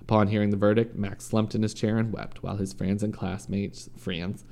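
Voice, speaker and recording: A man's voice: lowish voice, level tone, moderate pace, a little mellow. A man reading a story aloud in a casual way, stumbling and correcting himself now and then. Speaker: podcast host reading a story. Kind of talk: casual true-crime reading.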